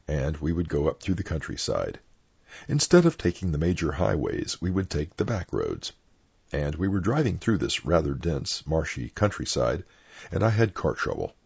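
An older man, a clergyman, reading his own personal anecdotes aloud in a plain, unhurried storytelling manner. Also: rumbling low, creaky, darkish tone, slightly rough, no echo. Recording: dull lo-fi dry recording.

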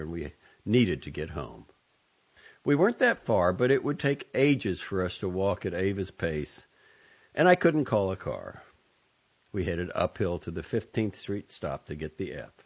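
A man narrating an audiobook in a measured, introspective, softly expressive manner. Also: low voice, lo-fi sound.

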